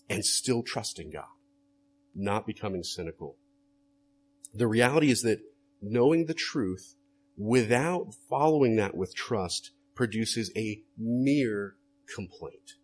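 Pastor guy giving a sermon, husky voice, pitch rises and falls a lot, earnest. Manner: earnest preaching with rhetorical questions.

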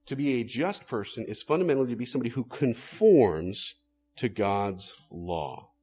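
A man delivers a sermon with a lively, rising and falling voice. He speaks earnestly, leaning on rhetorical questions and pressing hard on key words. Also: mid-range voice. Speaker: preacher.

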